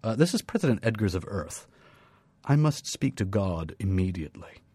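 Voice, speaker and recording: A man reading aloud, voicing a male president who pleads in a hesitant, stammering, low and subdued way. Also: big pitch swings, normal speed, darkish tone, husky, no room sound. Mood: nervous pleading.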